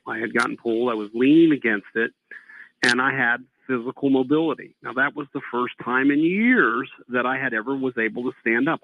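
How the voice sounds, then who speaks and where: A man's voice: mid-range voice, dry recording. A man telling a long personal story to a host, acting out the dialogue he recalls. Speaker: guest telling an abduction story. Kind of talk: phone-in conversation. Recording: tinny phone line.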